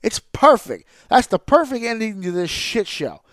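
A man's voice: sits high, moderate pace, no room sound, studio quality. Swearing, ranting male podcast host. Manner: animated, exasperated ranting with heavy swearing; mimics others in flat, deflated tones. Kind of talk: profane ranting podcast monologue.

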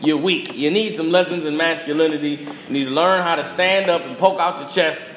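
This young podcast host has a fairly bright, high-leaning voice and talks a little fast. He goes on a heated, casual rant, blunt and emphatic, leaning on slang and repetition for effect, while the reverberant room adds faint noise.

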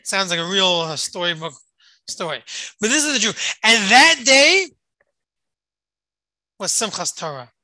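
A storyteller retelling an emotional story, dramatic, repeating phrases for emphasis and swinging between rising intensity and hushed lines. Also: mid-range voice, big pitch swings, unhurried, long pauses, no room sound, low-quality recording.

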